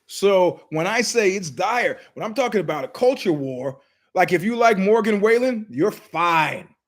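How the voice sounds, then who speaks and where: A middle-aged man hosts his own show, telling a long story as an animated monologue. His voice sits high for a man, and he delivers it emphatically, wandering off into asides. He slips into other people's voices whenever he quotes them. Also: measured pace. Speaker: show host.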